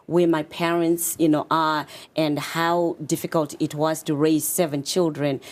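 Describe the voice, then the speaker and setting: Interview guest: Zimbabwean-accented woman, low pitch, brisk and animated coach. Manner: animated, fast with many fillers. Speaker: guest, confidence coach and author. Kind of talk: casual interview talk.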